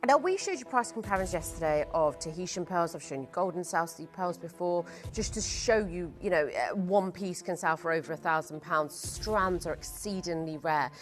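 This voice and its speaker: A woman's voice: on the low side, moderate pace, few pauses, soft background music. A woman presenting jewellery on a live shopping channel, chatty and gushing as she sells. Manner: gushing, chatty sales patter.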